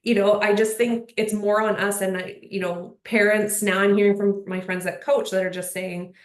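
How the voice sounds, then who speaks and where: A woman's voice: mid-range voice, level tone, moderate pace. A woman speaking on a panel in casual conversation, earnest and rambling, with lots of "like" and "you know". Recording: roomy echo.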